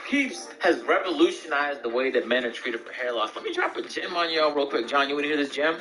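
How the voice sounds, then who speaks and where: Podcast guy doing the ad read, bright voice, slightly high, music under it. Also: animated, a little fast. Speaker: podcast host reading an ad. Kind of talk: casual ad read.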